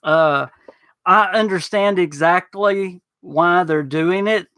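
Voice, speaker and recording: A man's voice: sits high, slow, sharp tone, clean tone, no echo. A man hosting a casual podcast, reading viewer comments in an easygoing way, with many fillers and restarts. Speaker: podcast host.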